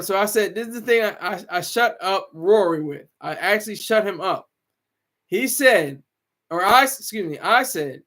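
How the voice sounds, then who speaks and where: High-voiced man rambling casually. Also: moderate pace, a bit bright. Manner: rambling, frequent restarts and laughs. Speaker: show regular.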